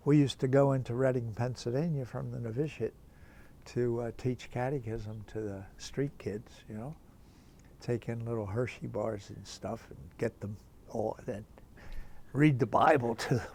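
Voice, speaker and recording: A man's voice: mid-range voice, normal speed, creaky. An older man, a priest, telling a chatty anecdote about a teacher, with many asides. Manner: lively, chatty, full of asides. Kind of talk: anecdotal storytelling.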